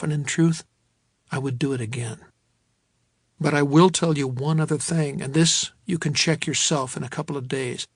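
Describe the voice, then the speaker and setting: A man reading a novel as an audiobook, steady storytelling that voices each character's dialogue. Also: on the high side, no room sound, clean studio sound. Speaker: audiobook narrator.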